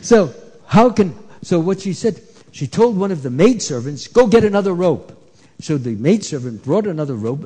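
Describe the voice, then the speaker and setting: A man telling a story to a room of children, his voice swooping up and down as he quizzes them and hushes the chatter. His tone is soft and mellow, with a husky edge. A long hall reverb trails every phrase. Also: on the high side. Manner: animated, asks the kids questions, hushes them. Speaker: storyteller at a temple children's event. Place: temple hall. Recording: echoey hall.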